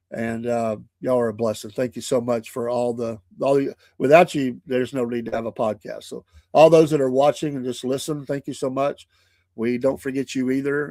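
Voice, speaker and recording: A man's voice: mid-range voice, a little mellow, no echo. Older guy rambling on his show, laughs a lot, dry close sound. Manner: folksy, chuckling, rambling storyteller. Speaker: morning show host. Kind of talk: casual podcast chat.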